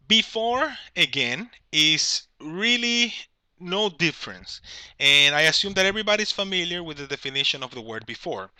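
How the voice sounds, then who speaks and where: Bright, lively male English teacher. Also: fairly high pitch, no room sound. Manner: explains patiently, checks in with "all right?"; corrects himself mid-sentence. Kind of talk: grammar lesson at a whiteboard.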